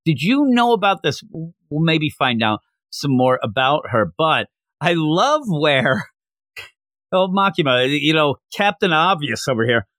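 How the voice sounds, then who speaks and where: A man co-hosting a casual podcast chat, talking in an animated way and laughing as he retells scenes. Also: a little high, unhurried, no echo, clean studio sound. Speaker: podcast co-host.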